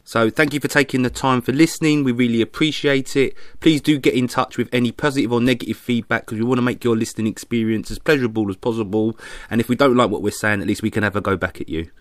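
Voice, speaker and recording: A man's voice: fairly low pitch, no room sound. A man hosting a podcast, chatting casually and joking with friends. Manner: laughing, jokey banter. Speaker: podcast host. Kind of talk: casual chat.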